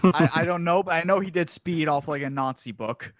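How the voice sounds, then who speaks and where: A young man in casual podcast banter, trading deadpan jokes. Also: on the high side, a little fast, dry recording, studio quality. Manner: deadpan joking, puts on a mock Boston accent.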